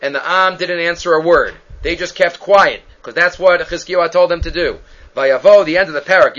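A man teaching a verse-by-verse Bible lesson, quoting Hebrew verses and translating them as animated storytelling. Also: high voice, lo-fi sound. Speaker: Torah teacher.

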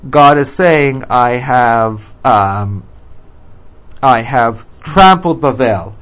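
A man teaches a scripture class at a steady, measured pace. He quotes each verse and then explains it, with frequent ums. His voice sits at an ordinary middle pitch. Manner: measured, reads Hebrew verses then translates, many ums. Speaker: Bible teacher. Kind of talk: textual lecture on scripture.

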